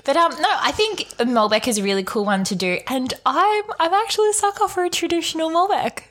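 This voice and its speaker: A woman's voice: very high-pitched, animated, brisk, a bit bright. A woman co-hosting a wine show in a casual, chatty way, laughing easily. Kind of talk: casual chat.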